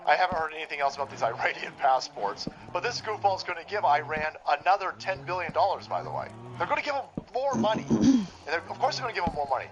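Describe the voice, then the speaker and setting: A man's voice: a little high, sing-song, quick pace, lo-fi sound, crowd noise. A man hosting a livestream, giving profane, sarcastic political commentary as he reacts to clips. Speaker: stream host.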